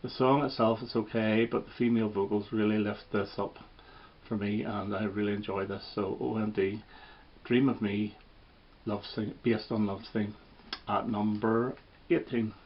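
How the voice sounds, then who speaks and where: A man talks through a list of records in a casual, unhurried way, pausing on fillers and restarting his sentences. His voice sits low and stays flat. The recording sounds dull and lo-fi. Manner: relaxed, hesitant with fillers and restarts. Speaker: record collector vlogger. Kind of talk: casual ranking review.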